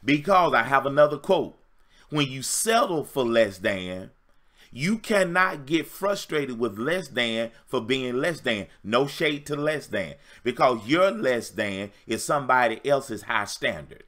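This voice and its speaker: A man's voice: medium pitch, expressive, measured pace, fairly bright tone. A man giving a livestream dating-coach talk, preacher-like, emphatic and repetitive with call and response.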